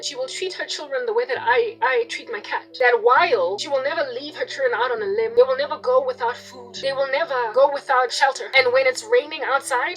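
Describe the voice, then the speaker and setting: A high-voiced young woman with a South African accent delivers a heartfelt, aggrieved monologue straight to her viewers. She jumps between quiet confession and sharp, loud impressions of yelling. Faint music plays underneath her. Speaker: video blogger. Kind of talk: emotional personal monologue.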